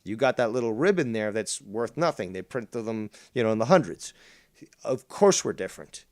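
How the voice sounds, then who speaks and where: A middle-aged man hosting a casual call-in show, talking in a calm, droning monotone and cursing bluntly without ever raising his voice. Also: medium pitch. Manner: calm, never yells, blunt and profane. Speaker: show host.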